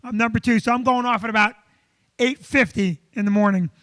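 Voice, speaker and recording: A male comedian hosting a live show from a comedy club stage, telling an animated, self-deprecating story. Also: very high-pitched, fairly quick.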